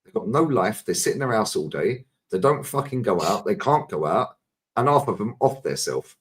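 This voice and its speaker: A man in casual chat, animated, swearing and saying "bro" and "yeah" often. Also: lowish voice, a little fast, husky.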